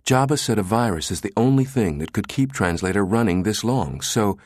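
A man voicing a pushy, fierce middle-aged woman analyst, talking in an insistent, sharp, clipped way. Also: lowish voice, expressive, moderate pace, no room sound, studio quality.

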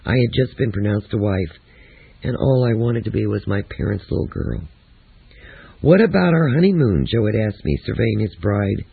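A man narrating a first-person memoir in a steady, reflective reading. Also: fairly low pitch, moderate pace, gravelly, husky, dry recording. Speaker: audiobook narrator. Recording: tinny, lo-fi phone-like audio.

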